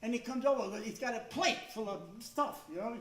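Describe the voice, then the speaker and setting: A middle-aged man does a stand-up set, telling chatty, self-mocking stories and slipping into little voices. His voice sits very high and sounds bright and forceful. He sounds a little far from the mic, in an echoey club. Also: brisk. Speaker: stand-up comedian. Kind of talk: stand-up comedy routine. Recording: echoey stage sound from a distance.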